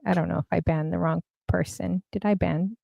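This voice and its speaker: Woman, host, chatty and scattered, lowish voice, dry close sound. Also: steady tone, fairly quick, creaky, no echo, muffled recording. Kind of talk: casual live-stream interview.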